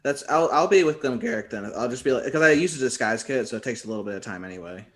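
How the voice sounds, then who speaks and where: A man's voice: mid-range voice, lively intonation, fast talker. A man playing a tabletop game, talking casually with the game master. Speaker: player.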